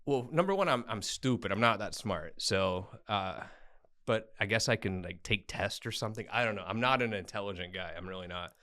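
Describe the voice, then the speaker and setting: This guest attorney from Tennessee speaks in a lowish male voice at a fairly quick clip. In an interview he tells his story bluntly, with self-deprecating humor, and gets animated whenever he quotes other people.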